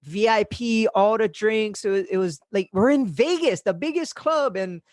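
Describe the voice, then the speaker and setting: In a casual podcast chat, a young male host with a high voice tells loose, lively stories at normal speed, cursing and laughing while acting out quotes. The recording is close and dry, with no room sound.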